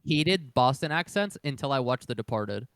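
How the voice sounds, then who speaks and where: A young man co-hosting a podcast, talking casually in a blunt, swearing, rambling way as he tells stories. His voice sits at an ordinary middle pitch, and it is recorded dry and close with no room echo. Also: lively intonation, normal speed, a bit bright. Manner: blunt, profane, rambling storyteller. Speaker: podcast co-host. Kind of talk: casual chat.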